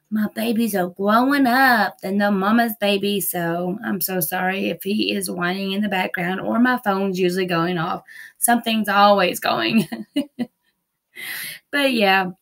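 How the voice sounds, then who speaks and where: A woman's voice: mid-range voice, gravelly, fairly bright tone. A woman vlogging a nail-product haul from home, gushing and repeating herself with casual fillers. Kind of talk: casual haul video chat. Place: busy home with TVs and dogs.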